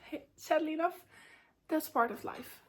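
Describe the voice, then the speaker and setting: A young woman with a fairly high voice chats openly to her camera, sharing a personal life update. She is candid and talkative, and her sentences are loose and full of ums and likes. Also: measured pace, a bit bright. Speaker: vlogger.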